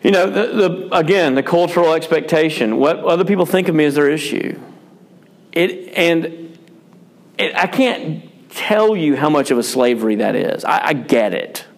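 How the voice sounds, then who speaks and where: A man's voice: fairly high pitch, animated, normal speed. A man, a pastor and father, talking about parenting in a frank, rambling, self-deprecating way, with many fillers and restarts. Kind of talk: casual pastoral chat on parenting.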